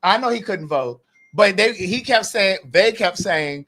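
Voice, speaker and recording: A woman's voice: medium pitch, expressive, normal speed, fairly bright tone. A woman hosting a casual podcast chat, talking bluntly and emphatically with plenty of profanity. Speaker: podcast host.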